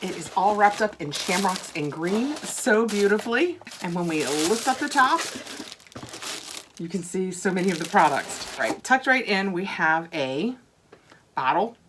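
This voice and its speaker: An older woman chatting casually through a product unboxing, gushing over items and dropping to a soft whisper now and then. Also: mid-range voice, animated, unhurried, background noise.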